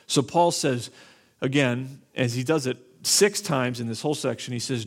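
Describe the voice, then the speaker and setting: Deliberate man preaching a sermon. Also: mid-range voice. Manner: deliberate, repeats phrases, restarts with fillers. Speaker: pastor. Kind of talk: expository sermon.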